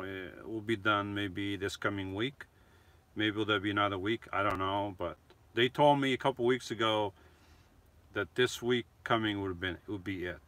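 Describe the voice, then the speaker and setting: A man's voice: lowish voice, bright, forceful tone. A middle-aged man chatting casually on a live stream, rambling and restarting his sentences as he answers viewers. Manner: chatty, rambling, frequent restarts and self-corrections. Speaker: vlogger answering live chat.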